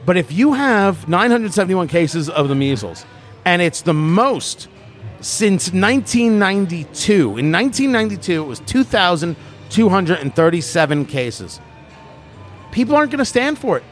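A man hosting a podcast in casual chat, animated and opinionated, often restarting his sentences. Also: high-pitched, normal speed, faint music behind. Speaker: podcast host.

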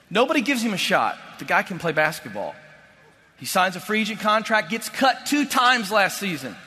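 A man in his late thirties giving an emphatic faith-based motivational talk to an audience, repeating key lines and dropping from loud to hushed. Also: very high-pitched. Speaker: motivational speaker. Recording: long hall reverb.

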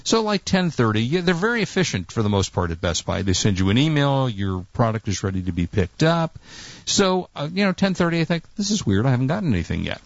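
A man co-hosting a casual talk show, spinning a long story with animated, exasperated quoted lines. His voice sits at a middling pitch. The sound is dull and lo-fi, close and dry with no room echo. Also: fast. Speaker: co-host.

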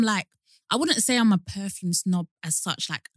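A woman's voice: medium pitch, expressive, normal speed, no echo. A young woman, co-hosting a casual chat and talking easily, laughing often. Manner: chatty, laughs easily, spells out names. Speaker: podcast co-host.

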